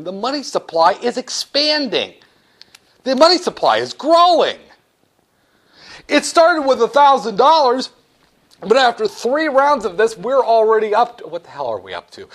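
A man giving a classroom economics lecture, joking and acting out little dialogues with students. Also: high voice.

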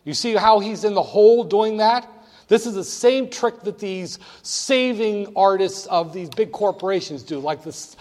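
A man's voice: high-pitched, darkish tone. An older man wryly telling a candid story, briefly acting out the voices of people in it. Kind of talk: storytelling anecdote. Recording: long hall reverb.

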